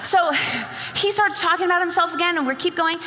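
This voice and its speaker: A woman's voice: very high-pitched, fairly quick, pushed and bright. A woman telling a story to a live audience at a sales event, acting out both sides of a conversation with lots of energy. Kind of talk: motivational talk to a live audience. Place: large hall before an audience. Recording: live hall recording with reverb.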